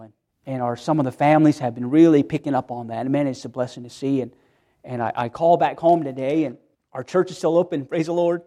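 A man's voice: medium pitch, fairly even intonation, fairly quick, dark tone. A middle-aged man, a pastor, preaching an earnest sermon in church, repeating himself and restarting phrases as he pleads with his listeners.

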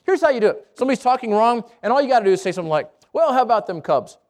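High-voiced man preaching a sermon. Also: very fast. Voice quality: speaks around braces. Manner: animated preaching with asides and self-corrections. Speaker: pastor.

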